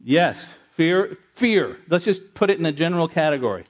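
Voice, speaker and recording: A middle-aged man preaching an interactive sermon, conversational and animated, repeating answers from the congregation. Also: a little high, moderate pace, muffled recording. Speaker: pastor.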